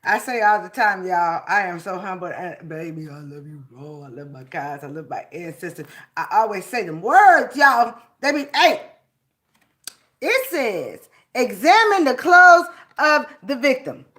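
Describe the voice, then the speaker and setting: A woman hosting a casual spiritual reading vlog, laughing often with a drawn-out, preachy delivery. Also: lowish voice, expressive, a bit bright. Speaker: spiritual reader.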